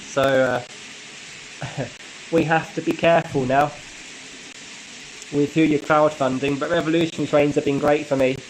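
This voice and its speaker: A man hosting a laid-back live stream, reading out and answering viewer comments in a loose, chatty way. He laughs lightly and often. His voice sits a touch high, and a faint hum of noise runs underneath. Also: steady tone, a little slow, pauses often, rough recording. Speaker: model railway channel host.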